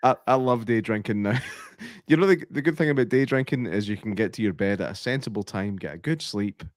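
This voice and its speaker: A man's voice: on the low side, brisk, no echo. A man hosts a podcast in a jokey, casual way. His voice is dry and close, with no room sound. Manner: jokey, laughs often. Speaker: podcast host.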